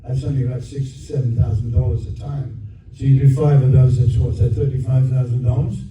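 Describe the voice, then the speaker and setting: Speaking a little fast, with a medium pitch, fairly even intonation and a dark tone, an older Australian guest actor tells a story at a fan convention Q&A. He's chatty, restarts frequently and performs other people's lines. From far away in the hall, the recording comes out very echoey, dull and noisy.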